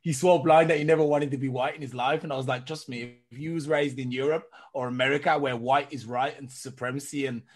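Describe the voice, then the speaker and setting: A man hosting a podcast, reacting excitably with street slang in casual chat. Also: medium pitch, quick pace, hardly any pauses, husky. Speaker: podcast host.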